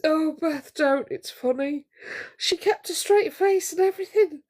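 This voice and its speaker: A woman's voice: high-pitched, wildly swooping pitch, takes it slowly, long pauses, darkish tone. A woman hosting a casual live stream, chatting to viewers in a gossipy, teasing way.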